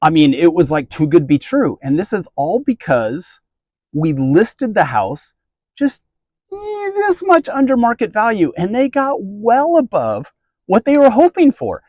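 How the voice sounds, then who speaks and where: A man's voice: high-pitched, huge pitch swings, unhurried, darkish tone, dry recording, muffled recording. A man, a realtor and team leader, giving earnest, emphatic advice straight to camera. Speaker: real estate agent and team leader. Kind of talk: direct-to-camera advice video.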